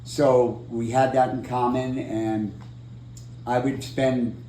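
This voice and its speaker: Animated male storyteller in an echoey room. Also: mid-range voice, slow pace, slight background noise. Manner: animated storyteller, acts out quotes. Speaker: oral history interviewee. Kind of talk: storytelling in an interview. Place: room in San Diego.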